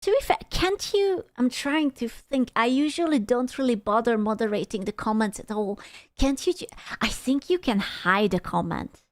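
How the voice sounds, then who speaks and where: A woman's voice: fairly high pitch, animated, normal speed, no room sound, clean studio sound. A woman from Europe streaming a casual reaction, talking bluntly, swearing and joking sarcastically.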